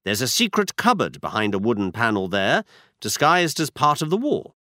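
A man voicing a shrewd, confident male detective who lays out his schemes in crisp, commanding explanations. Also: mid-range voice, wildly swooping pitch, normal speed, pushed and bright, dry recording, studio quality. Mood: explaining.

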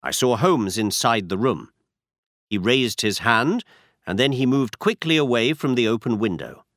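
A man narrating a story in the first person with a measured, expressive reading. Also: mid-range voice, dry recording, clean studio sound. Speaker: audiobook narrator.

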